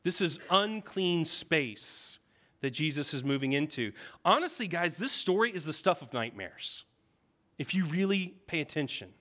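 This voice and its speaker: A man preaching a sermon, telling the story vividly and often checking in with the listeners with a quick "right?". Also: on the high side, animated, sharp tone.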